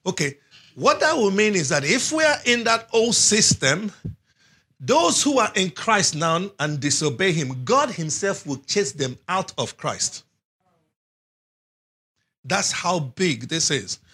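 A man's voice: high-pitched, big pitch swings, slow, sharp tone, slightly rough. A man preaching a sermon, reading scripture aloud and stressing words with big rises and drops, asking questions and answering them himself.

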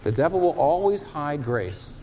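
Male preacher, mid-pitched, emphatic and lively, dramatic pauses, dull lo-fi sermon recording. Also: a little hiss or hum.

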